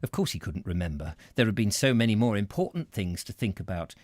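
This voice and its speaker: A man narrating a novel aloud in an expressive way, with occasional slips. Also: lowish voice, fairly quick, no room sound, clean studio sound. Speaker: audiobook reader.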